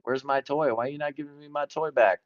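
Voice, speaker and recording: A man voicing an offended dog who complains quickly and whinily that it wants its toy back, on a dull lo-fi stream recording. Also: fairly high pitch, steady tone, close to an everyday voice. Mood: indignant.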